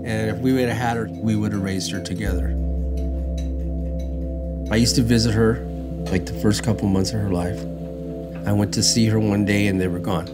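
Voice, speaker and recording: A man's voice: lowish voice, steady tone, moderate pace, pauses often, over loud music. A man in his fifties giving a documentary interview, plain-spoken and emotional.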